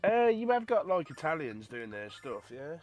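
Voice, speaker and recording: A man's voice: on the high side, sing-song, normal speed, soft background music. An Englishman with a Black Country accent, chatting casually and bluntly with friends. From England, West Midlands. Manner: blunt, says mate. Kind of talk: casual chat.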